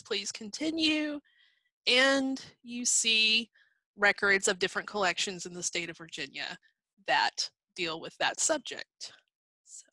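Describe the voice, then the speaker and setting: Hiccups interrupt a woman presenting for a library at a virtual conference, where she shares her screen and explains informally with fillers and restarts. Her voice runs high, pushed and bright, in a dry, rough recording.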